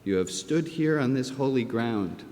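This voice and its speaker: Middle-aged man, rabbi giving a heartfelt ceremony speech, mellow voice, long hall echo. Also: animated, a little slow. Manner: emotional, tender, near tears. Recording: echoey hall, faint rumble.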